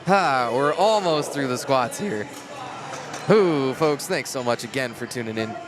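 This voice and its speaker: A man doing lively, joking play-by-play commentary on a livestream, chatty and excitable, a bit out of breath. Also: mid-range voice, a little slow.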